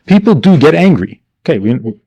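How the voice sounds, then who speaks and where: Man, rabbi, lecturing a class, wide-ranging lively pitch, rhetorical questions, acts out quoted voices. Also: a little fast, slightly rough. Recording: archival 1992 class recording.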